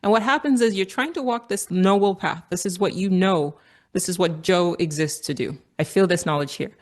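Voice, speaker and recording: A woman's voice: on the low side, moderate pace. A woman from Nigeria telling a story in an earnest, reflective monologue. She repeats phrases for emphasis and swears casually. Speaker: vlogger. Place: outdoors on a walk.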